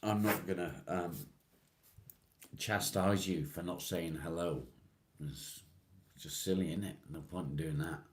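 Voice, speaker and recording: A very low-voiced man hosts a relaxed live stream, reading out viewer comments and answering each in turn. His talk is easygoing and friendly, dropping "mate" as he goes, with a faint hiss of noise underneath. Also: a little slow, long pauses. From England. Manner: laid-back, calls viewers mate, answers comments one by one. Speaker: livestream host.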